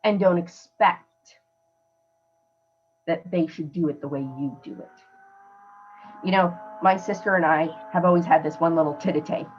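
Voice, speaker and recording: A podcast host with a lowish voice gives earnest, emphatic advice in casual coaching talk. The recording sounds muffled.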